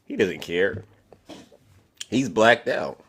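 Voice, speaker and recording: Animated, mocking male stream host. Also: lowish voice, slow, husky. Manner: teasing, theatrical, swings from loud to hushed. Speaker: livestream debate host.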